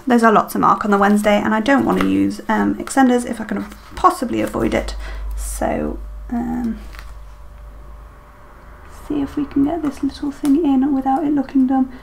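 A woman talks her way through decorating a planner, musing aloud with lots of ums and small questions to herself. Her voice sits a little high, with a gravelly, creaky texture. A faint hum runs under the recording. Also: moderate pace. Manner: chatty, self-talking while decorating, many ums. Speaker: planner vlogger. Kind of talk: casual plan-with-me chat.

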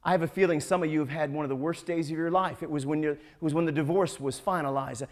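A man preaching a sermon as pastor to his congregation, often stammering and repeating words, dropping low and quiet, then building to loud, drawn-out emphatic peaks. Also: fairly even intonation. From United States. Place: church sanctuary.

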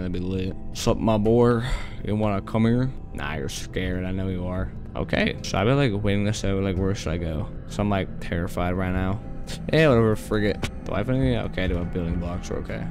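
Slangy young man playing a horror game. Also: lowish voice. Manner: slangy, chatty, talks to the game's creatures; yelps and rushes when scared. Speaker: gaming YouTuber. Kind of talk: casual let's-play commentary.

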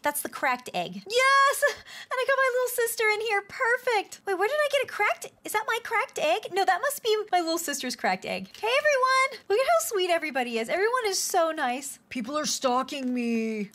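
A woman hosting a game video, talking through her play in an excitable, gushing way with frequent gasps. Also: extremely high pitch. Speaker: gaming channel host. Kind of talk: playful game commentary.

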